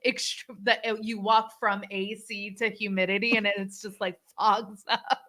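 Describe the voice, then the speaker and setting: A woman from Florida co-hosting a casual chat, talking in an unhurried way and laughing often. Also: medium pitch, little pitch movement, bright, forceful tone. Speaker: co-host.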